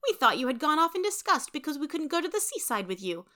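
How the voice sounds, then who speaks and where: A woman voicing a spirited, decisive girl in a storybook reading, high and emphatic. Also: sing-song, fast talker, bright, forceful tone, full character voice. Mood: decided.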